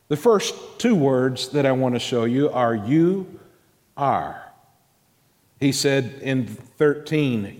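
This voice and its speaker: A man preaching a sermon as pastor, swinging between loud, high emphasis and quiet, drawn-out words. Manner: dramatic swings in pitch and volume, drawn-out emphasis. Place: church sanctuary. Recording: long reverb of a church hall.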